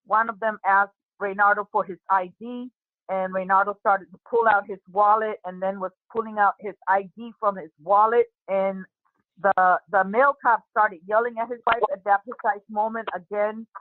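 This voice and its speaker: Woman, eyewitness, halting retelling, lots of fillers, phone-quality sound, dry. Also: mid-range voice, no room sound. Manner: halting, many fillers and restarts. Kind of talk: recounting an incident in an interview. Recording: tinny phone-line audio, dry.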